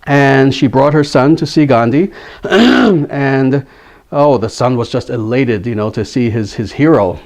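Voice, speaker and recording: A male spiritual teacher delivering a lecture in an earnest, steady tone. His pitch sits in the middle, and he restates his main phrases for emphasis. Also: a little slow.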